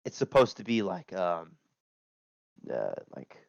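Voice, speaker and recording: A man's voice: low-pitched, very animated, slow pace, vocal fry, dry recording, muffled recording. A young man chatting as a guest in a casual online interview, rambling and swearing freely over a headset.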